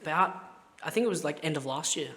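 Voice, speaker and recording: A man's voice: on the high side, expressive, a little fast, crowd noise. A young man hosting a podcast, telling rambling, heartfelt stories in casual chat and swearing constantly. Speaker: podcast host.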